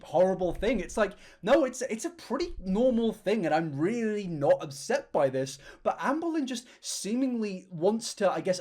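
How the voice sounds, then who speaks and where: Animated man giving video commentary. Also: high voice. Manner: animated, repeats words when worked up. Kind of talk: opinion commentary.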